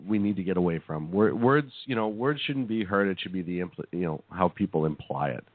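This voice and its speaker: A man's voice: deep voice, lively intonation, a little fast, dry recording. A man co-hosting a talk radio show, chatting casually, joking and laughing often between hesitant restarts. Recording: tinny phone-like sound, dry.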